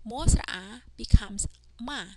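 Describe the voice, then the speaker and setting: A woman teaching a language lesson, carefully sounding out letters and words one at a time. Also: on the high side. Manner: careful, deliberate pronunciation of drilled sounds. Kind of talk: slow instructional language lesson. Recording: noticeable background noise.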